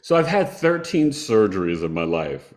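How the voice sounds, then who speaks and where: A man in his fifties, a podcast guest, telling a personal story in a conversational, animated way and laughing now and then. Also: lowish voice, normal speed. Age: 50s.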